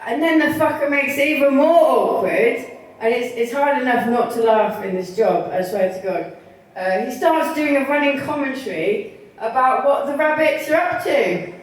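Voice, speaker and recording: A woman does a bawdy stand-up comedy set at a bar comedy night, with a slightly high voice. She giggles at her own stories and acts out the people in them. The sound is very echoey and seems to be recorded from across the room. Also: lively intonation, measured pace. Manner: bawdy, laughing at own jokes, quoting in voices. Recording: echoey bar, mic heard from far.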